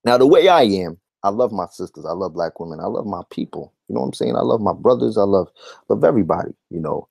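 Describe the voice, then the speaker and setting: A man's voice: fairly low pitch, animated, fast talker, creaky, a little mellow, husky, no room sound, clean studio sound. A man giving a heated vlog rant, emphatic and repetitive, with blunt profanity. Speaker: YouTube commentator.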